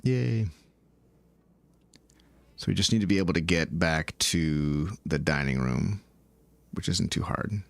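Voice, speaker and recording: A man thinking aloud and talking to his viewers in let's-play commentary, moving from calm planning to loud outcries. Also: low-pitched, slow, creaky, long pauses, no echo. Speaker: gaming video creator.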